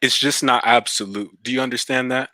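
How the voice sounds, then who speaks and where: A man calling into a debate stream, answering calmly and slowly with a sarcastic edge. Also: mid-range voice, no room sound. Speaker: caller. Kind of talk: call-in debate.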